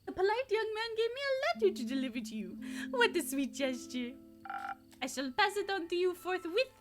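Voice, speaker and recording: A woman's voice: very high-pitched, big pitch swings, normal speed. A woman putting on a pompous, courtly male tavern guest. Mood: grandiose. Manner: pompous, old-fashioned courtly phrasing. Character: theatrical male tavern guest, grandly formal. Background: game music.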